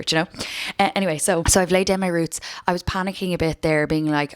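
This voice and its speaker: A woman's voice: fairly low pitch, fairly even intonation, fast, no room sound, clean studio sound. A young Irish woman vlogging at home, chatting to camera in a rambling, self-mocking way. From Ireland. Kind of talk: casual chat to camera. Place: room at home.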